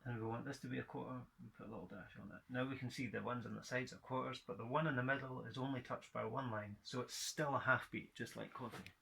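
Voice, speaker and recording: Man, guitar teacher, from Scotland, counts in and chants beats, mid-pitched voice. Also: fairly even intonation, fast talker, vocal fry, hardly any pauses, fairly bright tone, slight background noise. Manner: counts in and chants rhythm words in time. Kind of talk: guitar rhythm lesson.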